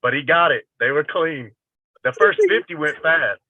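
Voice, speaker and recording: A man's voice: a little high, moderate pace, no echo. A man co-hosting a podcast over a call, chatting casually and teasing the host. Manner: teasing, excitable. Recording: tinny phone-line call audio.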